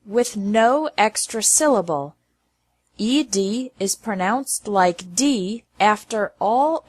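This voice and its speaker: A woman teaching English pronunciation, reading word lists slowly and enunciating each word with care. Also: medium pitch, no echo. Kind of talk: slow scripted lesson narration.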